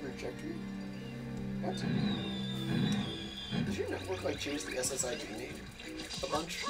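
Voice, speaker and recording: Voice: mid-range voice, wildly swooping pitch, unhurried, far from the mic. A person chatting casually while playing a video game, wondering aloud and often saying "like". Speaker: game commentator. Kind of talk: casual let's-play chat. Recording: voice set back from the mic over game music. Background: game music.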